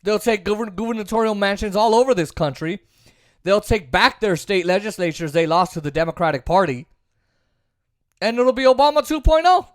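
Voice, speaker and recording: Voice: mid-range voice, expressive, brisk, dry recording, studio quality. A political commentary host giving a sarcastic, opinionated monologue, repeating points for emphasis. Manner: sarcastic, mocks opponents in put-on voices.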